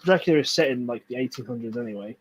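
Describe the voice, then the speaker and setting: A young man talks in loose, rambling casual chat. He swears freely and gets enthusiastic, his voice sitting at a middling pitch. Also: very fast. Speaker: stream co-host.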